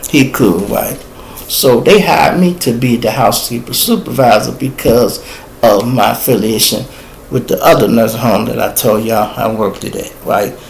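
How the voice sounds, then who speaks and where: A man with a Chicago accent spins a story for his podcast listeners, animated and profane, calling them y'all. His voice has a rough, gravelly edge at a middle pitch. A faint hiss sits under the recording. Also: normal speed, rough recording. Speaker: podcast host. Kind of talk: casual storytelling. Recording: faint background noise.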